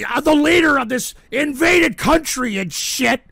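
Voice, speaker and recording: A ranting man with a high, gravelly voice that cuts through with a sharp, bright edge. He swears constantly and yells at his chat between weary grumbling, recorded very dry and close. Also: expressive, measured pace, no room sound. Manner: angry profane ranting, shouting at chat. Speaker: livestream radio show host. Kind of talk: ranting livestream talk reading chat.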